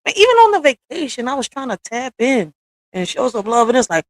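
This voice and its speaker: A woman's voice: a little high, very animated, fairly quick, no echo. Profane woman ranting on a live stream. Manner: profane, blunt and fired up, with slangy asides to viewers. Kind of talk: casual live-stream rant. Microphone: streaming software setup.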